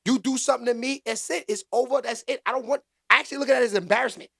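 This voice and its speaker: A man hosting a casual live stream, talking with the chat in slangy street talk and bursting into loud exclaims. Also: very high voice, racing, vocal fry. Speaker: livestream commentary host.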